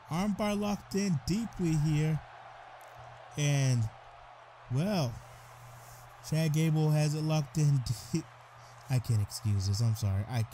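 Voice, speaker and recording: A man doing excitable play-by-play commentary over a wrestling video game, often breaking into exclamations. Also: on the high side, a little hiss or hum. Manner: excitable, frequent "oh goodness" exclamations. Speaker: gaming commentator.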